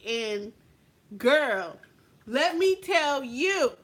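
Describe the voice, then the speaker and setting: Sassy, bright-voiced woman vlogger. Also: high-pitched, very slow. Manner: sassy, animated, talks straight to the viewer. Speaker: makeup vlogger. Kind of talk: casual story time chat.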